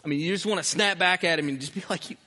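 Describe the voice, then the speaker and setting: Bright-voiced male preacher, emphatic. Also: high voice, quick pace, long reverb tail. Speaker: pastor. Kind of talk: sermon. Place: church.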